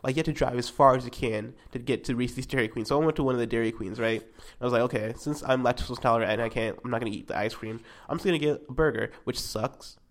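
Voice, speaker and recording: Brief: young guy, quick rambling storyteller, laid-back self-mocking chat. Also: medium pitch. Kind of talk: casual chat.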